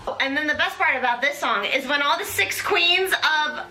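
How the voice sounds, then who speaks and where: A woman's voice: high voice, expressive, moderate pace, hardly any pauses, bright, forceful tone. A young woman hosting a comedic chat, rambling playfully with lots of fillers. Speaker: host. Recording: echoey room with faint noise.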